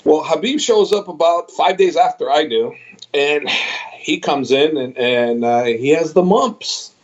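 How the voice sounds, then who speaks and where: A middle-aged man, an MMA trainer, telling a story on a podcast over a video call, animated and quoting his own reactions. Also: fairly high pitch, unhurried. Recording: slightly dull video call audio.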